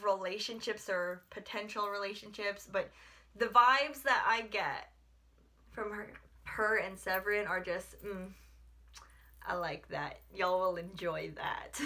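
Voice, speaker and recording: Young woman from the us gushing about a book, bright voice, rambly and chatty, says like a lot. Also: medium pitch. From United States. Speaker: book reviewer. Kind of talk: casual book review vlog.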